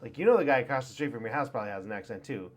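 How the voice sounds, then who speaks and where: A man co-hosting a casual podcast, chiming in with short replies and quick asides. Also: medium pitch, expressive, a little hiss or hum. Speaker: podcast co-host.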